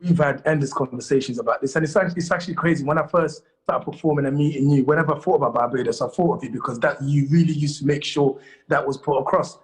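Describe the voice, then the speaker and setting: A man from Congo, a guest comedian, talks in a studio interview. His voice sits fairly high and his pace is very quick. He tells lively anecdotes in a casual way.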